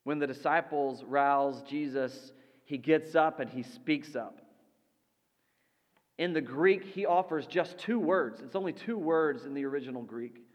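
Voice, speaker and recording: A man preaching a sermon as pastor, slow and deliberate, letting his voice drop soft for quoted lines. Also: on the high side. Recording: long reverb of a large hall.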